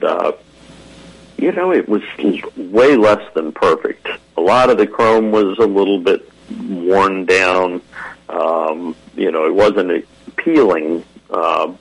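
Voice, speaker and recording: A man's voice: deep voice, husky, poor audio. A man from the American South co-hosting a radio car show, talking in a rambling, folksy way and laughing easily. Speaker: co-host. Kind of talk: casual radio chat.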